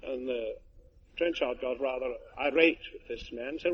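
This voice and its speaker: An older retired air force officer giving a tribute speech, telling anecdotes with genial, dry humour to an audience. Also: male voice, medium pitch, unhurried. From England. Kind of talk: after-dinner speech with anecdotes. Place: hall with an audience. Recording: muffled archive recording with faint hiss.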